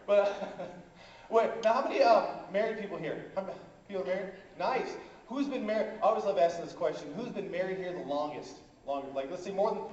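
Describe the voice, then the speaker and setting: A man's voice: high-pitched, darkish tone. A man doing live stand-up comedy on a conference stage. He rambles with many fillers and works the crowd. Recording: echoey hall, distant, dull lo-fi.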